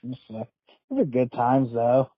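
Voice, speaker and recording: A man's voice: mid-range voice, level tone, slow, no echo. A man hosting a podcast, reminiscing casually with a lot of swearing. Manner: profane, laid-back reminiscing. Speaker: podcast host. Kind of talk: casual chat. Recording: tinny phone-like line.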